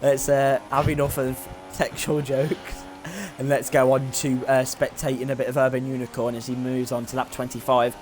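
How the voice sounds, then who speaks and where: A man's voice: medium pitch, level tone, normal speed, few pauses, a little mellow, faint music behind. A young man doing live commentary on a sim race, rambling and joking with lots of fillers. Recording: faint background noise.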